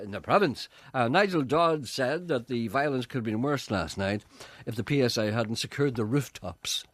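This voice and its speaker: An older man presents a radio show with sardonic, deadpan humor. His voice swings widely in pitch and sounds dry and close, with no room echo. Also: moderate pace. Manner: sardonic, deadpan, often laughing. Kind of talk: wry radio banter and narration.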